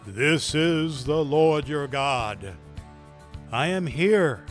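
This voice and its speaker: A man voicing God as a slow, solemn, booming voice from above in a joke. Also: expressive, faint music behind. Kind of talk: joke storytelling.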